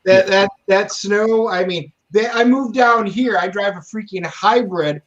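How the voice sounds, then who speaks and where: A man's voice: high voice, measured pace, highs cut off. A man from Wisconsin, the host of a chat show, who tells stories in a jokey way with playful asides. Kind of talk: casual chat.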